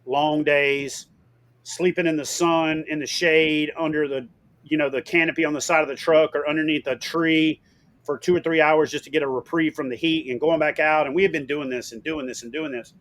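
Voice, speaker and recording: A middle-aged man tells stories as an interview guest in a fairly high voice. He talks in an animated way, swears casually and loudly acts out what people said. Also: moderate pace.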